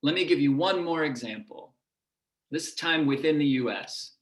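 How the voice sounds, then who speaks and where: A man with a lower Midwest American accent giving an online lecture and demonstrating vowel sounds as he explains. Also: lively intonation, moderate pace, echoey room. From United States.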